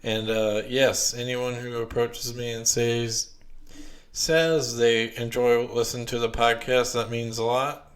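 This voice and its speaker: Flat-voiced male podcast host. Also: medium pitch, a little slow. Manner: hesitant, many filler ums and uhs. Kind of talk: casual chat.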